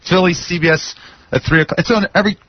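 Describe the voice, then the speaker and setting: An upbeat man coaxing and encouraging people on a radio show. His voice is high and husky. The recording sounds dull and lo-fi. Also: fast. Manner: coaxing, upbeat, pep-talk. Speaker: guest, TV show presenter. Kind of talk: radio talk show banter. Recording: muffled lo-fi radio broadcast.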